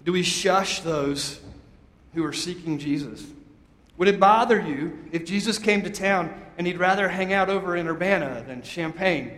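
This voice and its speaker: A man's voice: high voice, moderate pace, fairly bright tone. A man preaching a sermon as a pastor, emphatic and conversational, leading his congregation in call-and-response. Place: church sanctuary. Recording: echoey hall, long reverb.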